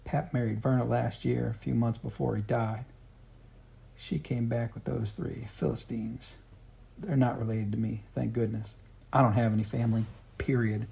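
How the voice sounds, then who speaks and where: A man's voice: medium pitch, little pitch movement, normal speed, vocal fry, warm tone. A man reading an angry orphan farm boy. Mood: bitter.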